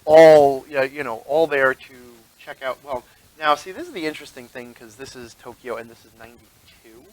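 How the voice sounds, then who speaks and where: A man's voice: mid-range voice, normal speed, darkish tone, low-quality recording. A man serving as game master, narrating a tabletop game in a rambling, chatty way and laughing often.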